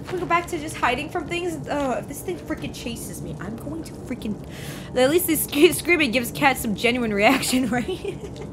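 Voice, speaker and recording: A woman's voice: high-pitched, lively intonation, moderate pace, over music. A woman hosting a horror game let's play, jumpy and often screaming and repeating herself as she comments.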